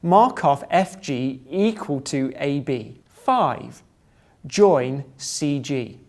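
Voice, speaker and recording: Voice reading geometry steps out loud, slow and careful, dry little asides. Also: mid-range voice, expressive. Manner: deliberate, dry asides, breaks into laughter at times. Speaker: presenter. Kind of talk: reading out step-by-step drawing instructions with joking asides.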